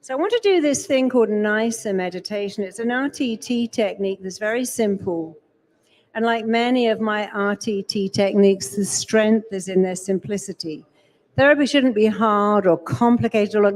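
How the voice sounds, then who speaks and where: A woman's voice: medium pitch, moderate pace. A woman giving a live seminar talk on a stage, emphatic, slipping into quoted voices to make her points. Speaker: speaker. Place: large event hall.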